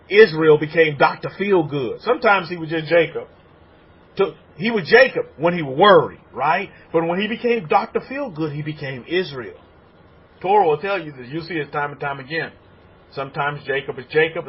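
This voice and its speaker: Husky-voiced preaching man, lo-fi recording. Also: a little high, normal speed. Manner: animated preaching, acts out congregants' voices. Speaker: rabbi. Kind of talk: sermon.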